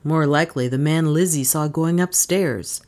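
A woman voicing a steady, guarded young man who speaks in low, warning mutters. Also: normal speed, natural voice.

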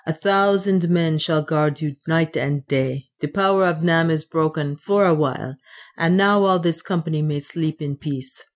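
A woman's voice: sits low, unhurried. A woman voicing a solemn warrior king.

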